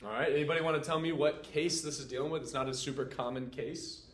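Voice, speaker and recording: A man's voice: a little high, steady tone, fast, slight background noise. A man teaching a Latin class, quizzing students playfully and walking them through a poem line by line in a classroom. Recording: echoey classroom room sound.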